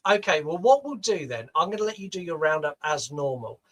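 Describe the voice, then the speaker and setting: A man's voice: on the high side, very animated, a little fast, rough recording. A man with a Southern British accent co-hosting a podcast, teasing and playfully pushy in casual banter. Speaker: podcast co-host.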